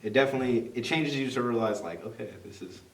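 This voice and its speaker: A man's voice: medium pitch, fast talker, far from the mic. A young man talking as a podcast co-host and new father, in a loose, rambling way full of "like" and "you know.". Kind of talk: casual chat. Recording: roomy, from off the mic.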